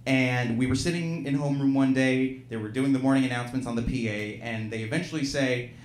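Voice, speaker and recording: A man's voice: mid-range voice, brisk, slight background noise. Self-mocking man telling stories on stage. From Alabama. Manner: self-deprecating, laughs through his lines. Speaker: storyteller. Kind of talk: live stage storytelling. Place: live venue stage, audience present. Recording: roomy live venue sound.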